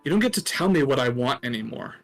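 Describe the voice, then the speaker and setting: A man's voice: medium pitch, very animated, quick pace, faint music behind. A man voicing a young male soldier who is defiant and guarded. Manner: defiant, clipped.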